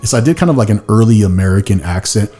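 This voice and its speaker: Man hosting a chatty podcast, low voice. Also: expressive, fast talker, dark tone, faint music behind. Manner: rambling storyteller, heavy use of "like", slips into silly voices. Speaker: podcast host. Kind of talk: casual chat.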